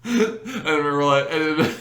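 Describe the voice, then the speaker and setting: A young man in casual chat, telling an animated story with laughs and many fillers. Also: low-pitched, moderate pace. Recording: echoey room.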